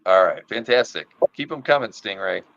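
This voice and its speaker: A man's voice: lowish voice, animated, moderate pace, gravelly, fairly bright tone, highs cut off. A man hosting a casual chat about comic art, rambling with many fillers and restarts, and losing his voice. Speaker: podcast host.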